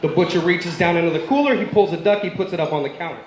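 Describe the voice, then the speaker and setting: A man's voice: fairly high pitch, reverberant, slight background noise, rough recording. A man doing stand-up, firing off short jokes one after another and ribbing the audience. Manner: rapid-fire punchline delivery, ribbing the audience. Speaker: stand-up comedian. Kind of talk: stand-up joke telling.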